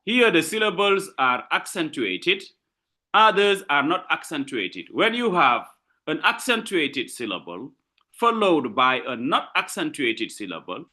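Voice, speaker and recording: Slow, lively-pitched male lecturer. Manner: slow, repetitive teaching with frequent "okay?" checks. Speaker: literature lecturer. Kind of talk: university lecture.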